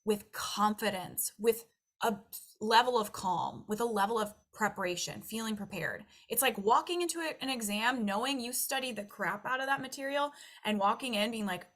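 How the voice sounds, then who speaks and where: A young adult woman, a nutrition and weight loss coach, giving casual coaching advice in an animated way and acting out her own inner thoughts. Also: fairly high pitch, moderate pace.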